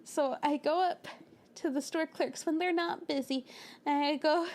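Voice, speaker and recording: A young woman from the United States, telling a storytime over a speedpaint in an animated way. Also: high voice, a little slow. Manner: animated, acts out quoted lines with little voices and laughs. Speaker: storytime narrator.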